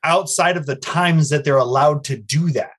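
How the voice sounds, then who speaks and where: A fairly high-voiced American man co-hosting a loose, foul-mouthed podcast. He reads news items aloud and breaks off into crude, animated rants between them. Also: normal speed, slightly rough. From United States. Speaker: podcast co-host. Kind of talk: casual profane podcast chat. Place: Los Angeles area.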